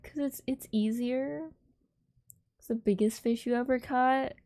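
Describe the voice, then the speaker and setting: Young woman chatting on stream, soft airy voice, giggles a lot, kinda fry-ish, dry sound. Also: high voice, steady tone, unhurried, no echo. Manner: rambling with many fillers. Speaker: livestreamer. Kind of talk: casual chat with viewers.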